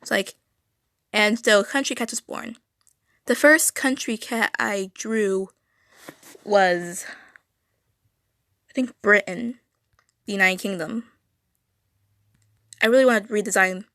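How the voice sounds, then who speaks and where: Teen girl streamer, mid-pitched, rambling and stuttering, dry close sound. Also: takes it slowly, pauses often, a bit bright, no room sound. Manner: rambling, stuttering, self-correcting. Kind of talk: casual drawing livestream chat. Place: home room.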